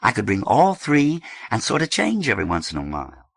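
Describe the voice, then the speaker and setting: A man's voice: medium pitch, wildly swooping pitch, fairly quick, vocal fry, fairly bright tone, no room sound, pitched above the performer's own voice, exaggerated voice. A man voicing a laid-back, offhand teenage boy in an audiobook.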